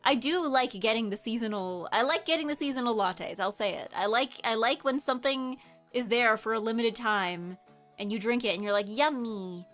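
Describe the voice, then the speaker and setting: A woman's voice: on the high side, brisk, a bit bright. Woman, streamer, casual chat, rambling, filler-heavy, self-correcting, faint music behind.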